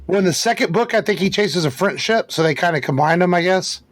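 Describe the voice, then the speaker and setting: A man's voice: high-pitched, lively intonation, quick pace, slight background noise. A man co-hosting a podcast, talking loosely and conversationally about a film. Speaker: podcast co-host. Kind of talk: casual movie discussion.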